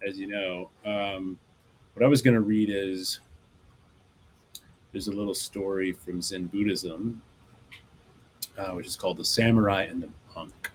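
A man appearing as an author guest on a podcast, speaking in a relaxed, laid-back way with many fillers. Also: deep voice, unhurried, long pauses, slight background noise, low-quality recording. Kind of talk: casual podcast chat.

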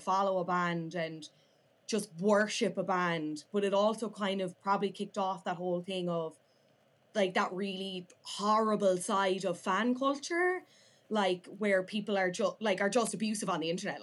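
A woman's voice: mid-range voice, normal speed. Woman, Irish accent, young adult, podcast guest, casual chat, filler-heavy. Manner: chatty, full of "like" fillers.

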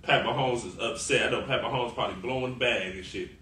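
A man co-hosting a podcast, talking football in a loose, animated, profane way and laughing often. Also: medium pitch, fast talker. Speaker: podcast co-host. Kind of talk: casual sports chat. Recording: roomy, far from the mic, faint noise.

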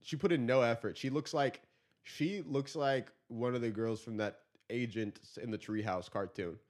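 A man chats casually into a podcast microphone with a mid-range voice. He talks in slang, swears freely, laughs often and gets animated whenever he tells a story. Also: medium pitch, normal speed. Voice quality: slangy and profane, laughs often, animated when telling stories. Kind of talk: casual chat. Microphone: studio microphone.

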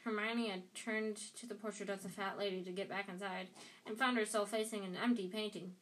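A woman's voice: mid-range voice, steady tone, fairly quick, a bit bright. A woman reads a novel aloud at home-reading pace. She often stumbles and restarts phrases, with a plain, unpolished delivery. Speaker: reader.

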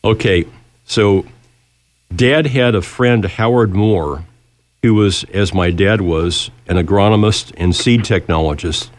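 A man's voice: on the low side, slow pace, dry recording, clean studio sound. A man hosting an interview, chatty and fond of telling stories. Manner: chatty storyteller. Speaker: radio host. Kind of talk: interview talk.

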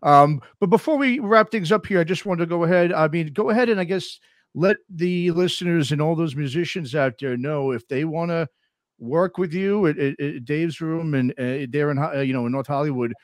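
A man's voice: fairly high pitch, normal speed, no room sound, studio quality. A man co-hosting a podcast, chatting in an easygoing, enthusiastic way. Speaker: podcast co-host. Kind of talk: casual chat.

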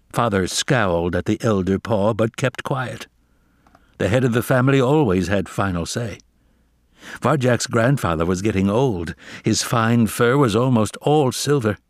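A man reading a children's novel aloud as narrator, with expressive, dramatic storytelling. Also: medium pitch, dry recording, studio quality.

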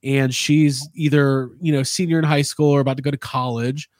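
A man co-hosting a podcast in casual chat, with a relaxed, wry manner. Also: mid-range voice, moderate pace, no echo, clean studio sound. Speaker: podcast co-host.

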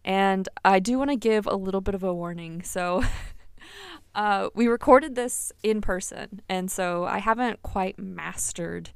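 Podcast host, woman, candid and animated, curses casually, a little vocal fry, dead-dry closet sound. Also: medium pitch, a little slow, no echo. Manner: candid, animated, swears freely, laughs often. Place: small closet. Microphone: single podcast microphone.

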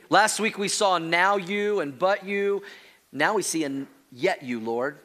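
Guy preaching, high voice, tells funny family stories then gets real quiet and serious. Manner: animated storytelling, acting out his child's pleading voices; drops to a soft, slow earnest tone for the teaching. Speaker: pastor. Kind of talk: sermon.

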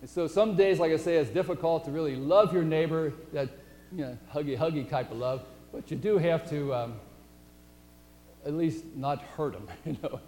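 A man's voice: a little high, moderate pace, warm tone. A man preaching a sermon in a folksy, conversational storytelling manner. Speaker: pastor. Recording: echoey hall, faint hum.

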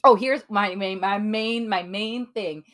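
A woman's voice: mid-range voice, a little slow, fairly bright tone. A woman co-hosting a podcast, candid and reflective in casual chat, swearing casually. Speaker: podcast co-host.

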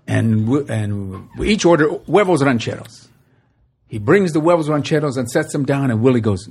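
A man's voice: medium pitch, fairly quick, breathy edge. A man who is a guest comedian, telling a story in casual chat, swearing casually and acting out the voices of the people in it. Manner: animated, acts out quoted voices.

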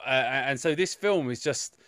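A man's voice: mid-range voice, measured pace, a bit bright, dry recording, clean studio sound. A man co-hosting a podcast in casual chat, rambling with many restarts and crude jokes. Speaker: podcast co-host.

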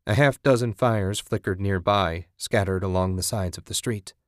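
A man narrating a story in a steady, even audiobook style. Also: fairly low pitch, normal speed, no room sound, studio quality.

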